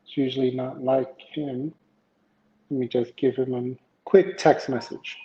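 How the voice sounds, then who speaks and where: A man hosts a tech livestream at a measured pace, his medium-pitched, dark voice fairly even in intonation as he rambles through news stories, greets chat and uses lots of fillers. The home setup is an iPad camera and PC. The echoey room yields a dull, lo-fi sound.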